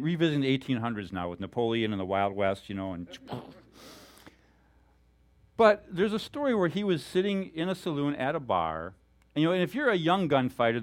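A male pastor giving a sermon in an animated, storytelling way, chuckling often as he talks. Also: medium pitch.

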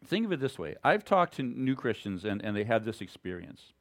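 A man's voice: medium pitch, big pitch swings, a little fast. A male pastor giving a conversational, emphatic sermon.

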